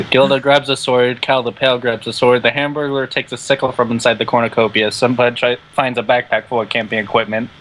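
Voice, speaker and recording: A man's voice: medium pitch, flat delivery, fairly quick, a bit bright, slight background noise, low-quality recording. Young man reading game events, laughing. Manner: laughing, joking reader. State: on pain medication. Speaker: video host.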